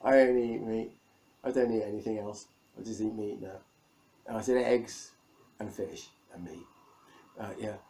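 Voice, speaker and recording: A man's voice: lowish voice, steady tone, moderate pace, pauses often, dark tone, low-quality recording. A middle-aged man from England, rambling and self-mocking in a casual video diary, laughing often. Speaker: vlogger.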